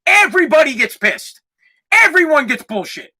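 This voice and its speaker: A man's voice: high-pitched, expressive, moderate pace, pushed and bright. A young adult man hosting a podcast, ranting in a heated, profane way and repeating words when worked up. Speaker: podcast host. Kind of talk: casual ranting monologue.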